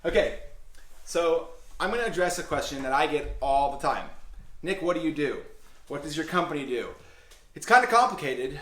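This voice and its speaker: A young man with a slightly high voice tells a story in an animated, excitable way, swearing freely. The sound is roomy, with noticeable echo around him. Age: young adult. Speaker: vlogger and insurance agency owner. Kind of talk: casual storytelling to camera.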